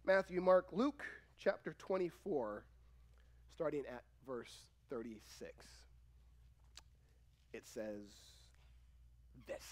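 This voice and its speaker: A man pastor preaching a sermon in a church, animated and acting out quoted voices. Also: fairly high pitch. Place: church sanctuary.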